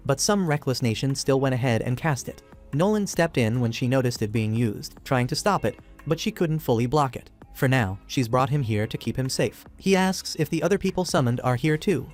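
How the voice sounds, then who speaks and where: A man narrating an anime recap in a casual, steady, scripted retelling. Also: medium pitch. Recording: faint music underneath.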